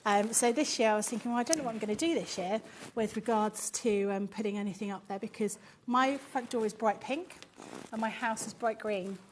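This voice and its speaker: A woman's voice: fairly high pitch, a little fast, slight background noise. Chatty woman demonstrating crafts. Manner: chatty, explains step by step. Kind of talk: live product demonstration.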